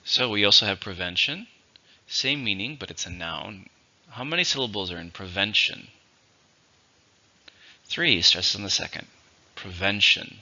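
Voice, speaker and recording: A very deep-voiced man gives an English vocabulary lesson, spelling out syllables and stress with slow, careful dictation. His tone is sharp and bright despite the low pitch. The recording sounds dull and lo-fi. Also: expressive. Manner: slow, clear, patient dictation. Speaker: English teacher.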